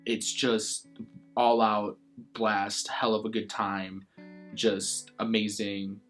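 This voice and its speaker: A man's voice: on the low side, flat delivery, slow pace, fairly bright tone, soft background music. A young man being interviewed about a favorite film, talking in a rambling, enthusiastic way with lots of "like" fillers.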